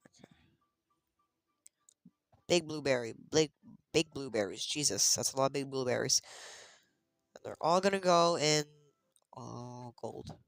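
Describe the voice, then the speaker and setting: A streamer rambling through a farming game, half-singing the names of crops and scolding themself. The voice sits in a middle pitch with plenty of vocal fry. It is recorded close and dry, with no room sound. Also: unhurried, long pauses, fairly bright tone, no echo. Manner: chatty, mutters item names in sing-song repeats. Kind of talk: casual gameplay commentary.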